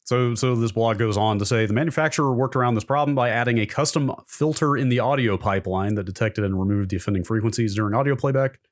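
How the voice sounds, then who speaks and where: A man's voice: mid-range voice, fast, few pauses, no echo, clean studio sound. A man co-hosting a tech podcast, casually chatting, asking curious questions and summing up a blog post. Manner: curious, asks questions, reads aloud from a post. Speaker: podcast co-host. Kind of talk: casual chat.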